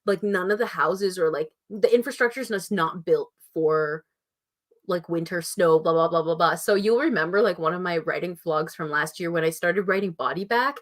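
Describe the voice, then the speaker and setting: A woman's voice: on the low side, normal speed. A woman in her twenties with a Canadian accent, chatting casually on a livestream, reading out chat messages and laughing often. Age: 20s. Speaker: writing channel host.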